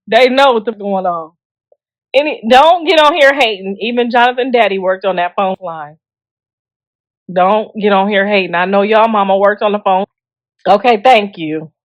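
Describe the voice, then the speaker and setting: A woman's voice: mid-range voice, moderate pace, dry recording. A middle-aged woman hosting a show and giving casual gossip commentary, blunt and joking, laughing often and talking straight to viewers in slang. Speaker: show host discussing celebrity gossip.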